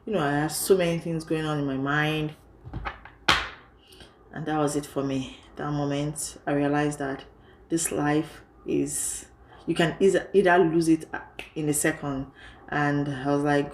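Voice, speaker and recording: A woman in her thirties telling a personal story on her vlog in a lively way, often saying "you know". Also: low voice, a little slow. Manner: lively retelling, heavy use of "you know". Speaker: vlogger. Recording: echoey room.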